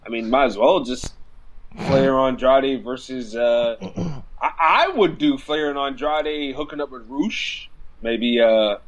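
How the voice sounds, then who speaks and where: A man's voice: medium pitch, takes it slowly, dull audio. A man co-hosting a casual wrestling podcast, rambling with lots of fillers and frequent laughter. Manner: rambling, laughs often, loose and profane. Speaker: podcast co-host.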